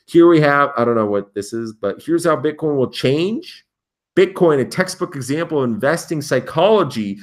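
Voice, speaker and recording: A man's voice: expressive, moderate pace. Sarcastic young man reacting to headlines. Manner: sarcastic, incredulous, reacts with sudden pitch jumps. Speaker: crypto commentary host. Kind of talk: casual commentary reading headlines aloud.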